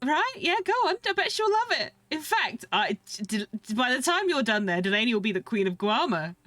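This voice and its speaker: A woman's voice: a little high, big pitch swings, fairly bright tone, no echo. Giggly, posh-sounding British woman roleplaying. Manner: giggly and theatrical, drawn-out words. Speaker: streamer playing a roleplay character. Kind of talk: in-character roleplay banter.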